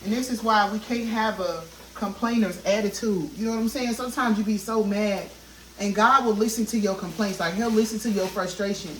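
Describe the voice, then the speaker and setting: A woman's voice: medium pitch, brisk, fairly bright tone, a little hiss or hum. A woman in her thirties talks to her viewers while she cooks, speaking in a heartfelt, testifying way and calling them y'all. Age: 30s. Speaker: vlogger. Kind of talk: casual talk while cooking. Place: home kitchen. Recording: echoey kitchen, mic at a distance, cooking sizzle. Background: frying and sizzling food.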